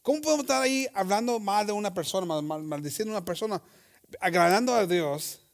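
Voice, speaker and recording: A high-voiced man preaches to his congregation, moving between English and Spanish. He reads scripture at a slow, measured pace, then rises into loud, impassioned shouting and acts out the voices of gossipers. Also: gravelly. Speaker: pastor. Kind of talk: bilingual sermon.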